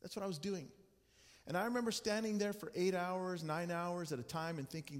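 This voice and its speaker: High-voiced pastor preaching in a reverberant church. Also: male voice, brisk. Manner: earnest, conversational, with frequent restarts. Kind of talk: sermon with personal storytelling. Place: church sanctuary. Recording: long church hall reverb.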